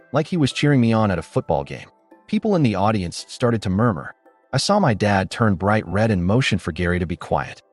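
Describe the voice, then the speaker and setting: Man narrating a story with lively intonation. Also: lowish voice, no echo. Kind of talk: scripted first-person story narration. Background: faint background music.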